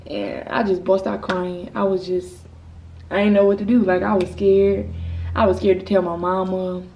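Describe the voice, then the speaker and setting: A woman's voice: mid-range voice, little pitch movement, moderate pace, creaky, darkish tone, highs cut off. A teenage girl, a vlogger, telling a personal story in a casual, rambling, candid way. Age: teens. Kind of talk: storytime vlog. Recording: slightly distant mic with faint noise.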